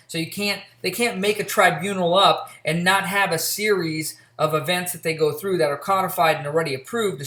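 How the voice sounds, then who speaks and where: A man's voice: fairly high pitch, fairly bright tone. Echoey casual male college lecturer. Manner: casual, storytelling, frequent fillers and restarts. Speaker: college instructor. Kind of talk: recorded lecture with a personal anecdote. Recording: echoey room.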